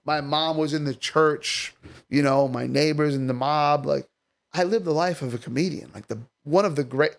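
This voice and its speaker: Brash, profane male comedian, voice sits a little high, rambling guest talk. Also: moderate pace, gravelly. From Staten Island, New York. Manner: brash, profane, jumps between topics. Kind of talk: casual podcast chat.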